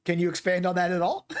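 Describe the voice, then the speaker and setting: A man hosting a casual livestream chat, reading chat messages and talking in halting, self-repeating bursts. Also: sits high. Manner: halting, repeats words, reads chat aloud. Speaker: streamer host.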